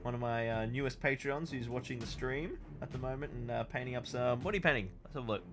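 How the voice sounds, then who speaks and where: A man's voice: medium pitch, quick pace, over music. A Scottish man hosting a casual livestream, joking and thinking aloud with fillers. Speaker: streamer host.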